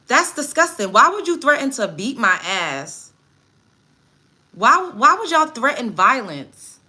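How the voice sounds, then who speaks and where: A woman hosts a livestream while doing her makeup at home, reading chat comments aloud and firing back in a blunt, profane, indignant rant. Her voice is a little high, pushed and bright.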